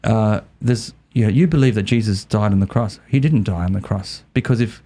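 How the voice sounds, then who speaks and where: Lowish man telling a story. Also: fairly quick. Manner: animated, repeats words while telling a story. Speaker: guest. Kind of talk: casual storytelling.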